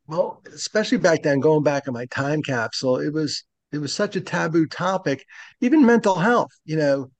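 A man in his late fifties speaks earnestly and reflectively as a podcast guest. His voice has a gravelly edge, and the sound is dry and close. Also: fairly high pitch, lively intonation, normal speed, no room sound. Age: 50s. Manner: earnest and reflective, speaks openly about loss. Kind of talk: conversational interview.

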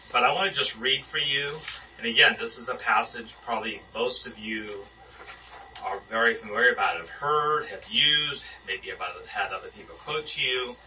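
Speaking at normal speed in a medium-pitched, pushed and bright voice, a man casually leads a small-group sermon discussion as Bible study leader, asking the group questions. It's a muffled, distant room recording with slight background noise.

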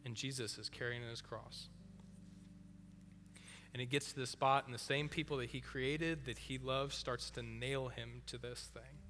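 A man preaching a sermon, telling the story in a casual, animated way and acting out the people in it. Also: mid-range voice, a little slow, a little hiss or hum. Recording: long hall reverb with faint music.

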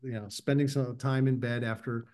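A man's voice: mid-range voice, steady tone, moderate pace, a little mellow. A man from the United States, a writer guest on a podcast, telling stories in a rambling, chuckling way. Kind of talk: casual podcast interview.

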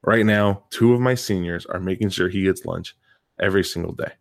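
A man with a fairly low voice co-hosts a casual podcast and tells a long story in the easy talk of a coach and PE teacher. He talks with emphasis and often doubles words to press a point. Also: brisk, vocal fry. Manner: emphatic, repeats words for stress.

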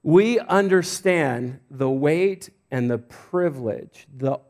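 Casting note: middle-aged male pastor from Idaho, slightly high voice, loose conversational preaching full of restarts and little jokes. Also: animated, takes it slowly, creaky, a little mellow. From Idaho, United States. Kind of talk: sermon.

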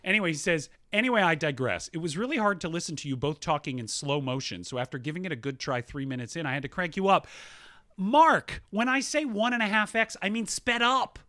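A man in his thirties co-hosts a podcast, reading out listener emails and riffing on them at a quick clip. His voice sits a bit high and bright, with lively swings in pitch, recorded dry and close. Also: no room sound. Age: 30s. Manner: quick-talking, animated, reads emails aloud with quips. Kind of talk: casual podcast chat.

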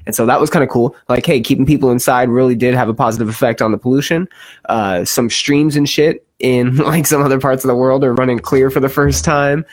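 A man's voice: medium pitch, fairly even intonation, fairly quick, no echo, studio quality. A man hosting a casual podcast, joking and swearing as he chats with his co-host. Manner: joking, profane, laughs often.

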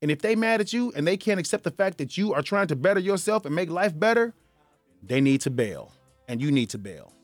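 A man hosting a radio advice show, talking in a lively, folksy way. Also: fairly high pitch, fairly quick, no room sound, faint music behind. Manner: lively, folksy, laughs at himself. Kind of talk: casual advice talk. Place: radio studio. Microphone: studio mic.

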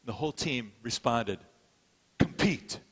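A man's voice: medium pitch, lively intonation, moderate pace. A middle-aged man preaching a sermon in a conversational storytelling way, with self-deprecating asides. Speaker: pastor. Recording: long hall reverb.

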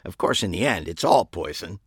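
A man voicing a blunt woman psychic who barks advice and warnings in a bored, dark way. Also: deep voice, animated, a little fast, breathy edge, no echo, clean studio sound.

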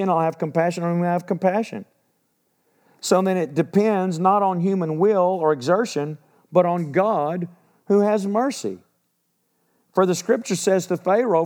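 A man's voice: high voice, darkish tone. A middle-aged man preaching a sermon, reading scripture aloud and then explaining it in casual asides. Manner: reads verses then breaks into casual asides.

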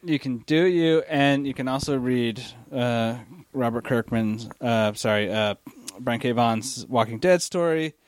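A man in a casual podcast chat, teasing and wry, pausing on fillers. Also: mid-range voice, dry recording.

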